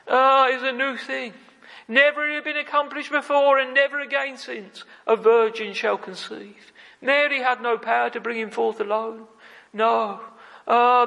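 A man's voice: extremely high pitch, gravelly, bright, forceful tone. A man preaching a fervent sermon, repeating phrases and calling out "oh, friends". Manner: fervent, repetitive, frequent "oh, friends". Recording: long hall reverb.

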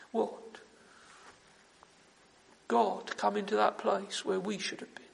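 Male preacher, very high gravelly voice, fervent and repetitive, reverberant church hall. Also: steady tone, a little slow, fairly bright tone. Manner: fervent, repetitive, with emphatic "oh" exclamations. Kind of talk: sermon. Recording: long reverb of a large hall.

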